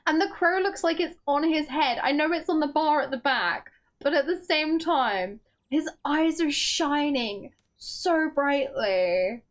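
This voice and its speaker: A young woman streaming a game, reading its dialogue aloud and gushing with giggly excitement. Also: high-pitched, unhurried, few pauses.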